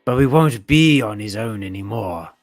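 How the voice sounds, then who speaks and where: Comic-reading bit: man puts on a sinister alien symbiote voice, a whispery hush, faint music under it. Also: fairly low pitch, expressive, moderate pace, no echo. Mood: menacing. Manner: hushed, breathy whisper. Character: menacing alien symbiote, male, merged with host.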